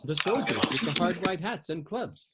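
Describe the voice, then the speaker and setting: A man's voice: sits high, expressive, moderate pace, very noisy, voice pushed up. A man voicing a grieving old woman who wails and repeats herself mournfully. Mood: wailing.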